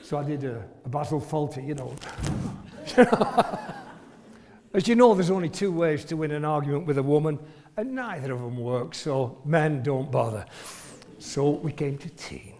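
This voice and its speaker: Old guy, retired doctor joking about himself, gravelly voice, echoey hall. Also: on the high side, lively intonation, moderate pace, dark tone. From northern England. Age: 70s. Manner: self-deprecating, storytelling, chuckles often. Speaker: retired family doctor giving a talk. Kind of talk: humorous anecdotal speech to an audience. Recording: long reverb from a hall.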